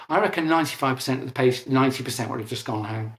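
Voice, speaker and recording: An older British scientist being interviewed talks very fast in a medium-pitched, somewhat bright voice with a British English accent. He explains technical matters earnestly, often restarting words, and the recording has an echoey room sound.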